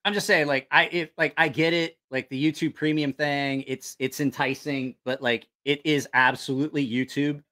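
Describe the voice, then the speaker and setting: A man's voice: fairly high pitch, fairly even intonation, normal speed, hardly any pauses, pushed and bright. A man hosting a casual live stream who rambles, swears freely and loses his train of thought. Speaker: knife channel livestream host. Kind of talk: casual livestream chat.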